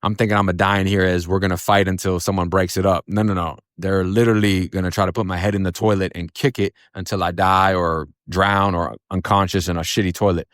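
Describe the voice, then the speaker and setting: A man's voice: sits low, little pitch movement, brisk, few pauses, a bit bright, no room sound, studio quality. A man from Florida telling a story in casual, blunt speech, swearing freely and using lots of fillers. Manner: blunt and profane, with many fillers.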